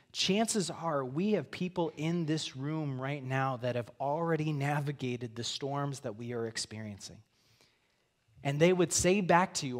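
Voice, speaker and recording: A man preaching a sermon in a church, earnest and reflective, often dropping to soft near-whispers. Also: fairly high pitch. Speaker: pastor. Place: church sanctuary.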